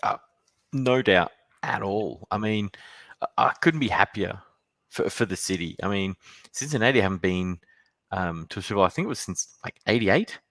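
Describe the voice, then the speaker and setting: A male podcast co-host chatting casually, halting and hesitant with frequent ums. His voice is very low, recorded dry and close. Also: expressive, a bit bright, no echo. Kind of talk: casual sports chat.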